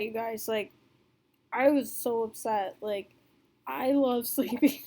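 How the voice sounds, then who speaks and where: A woman's voice: on the high side, steady tone, takes it slowly, background noise. A young woman telling a storytime vlog to camera in a rambling, casual way, full of fillers, swearing and laughter. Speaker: vlogger.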